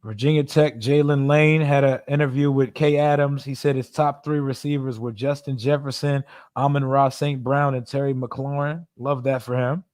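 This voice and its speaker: Excitable male streamer, loose slangy talk, dry close-miked audio. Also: medium pitch, normal speed, no room sound. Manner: excitable, casual slang and swearing. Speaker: streamer host. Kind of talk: live draft reaction stream.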